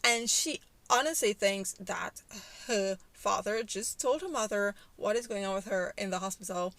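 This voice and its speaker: A woman retelling a life-sim game story in a chatty, casual way, with lots of fillers. Her voice is bright and crisp. The recording is close and dry. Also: medium pitch, normal speed, dry recording. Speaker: YouTuber narrating a game story.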